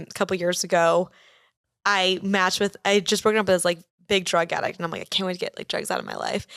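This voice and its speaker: A young woman comedian telling a story on a podcast, chatty and rambling, full of "like" and acted-out quotes. Her voice sits at an ordinary middle pitch. It is recorded dry and close, with no room sound. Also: fairly bright tone, clear, resonant tone, dry recording. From Boston area. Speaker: stand-up comedian, podcast guest. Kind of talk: casual chat, storytelling.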